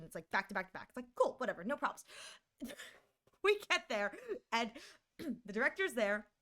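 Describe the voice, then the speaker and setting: A woman streaming into a condenser mic, telling a story in a casual, animated and exasperated way, swinging between quick bursts and drawn-out words. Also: mid-range voice, clear, resonant tone. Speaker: streamer and voice actor.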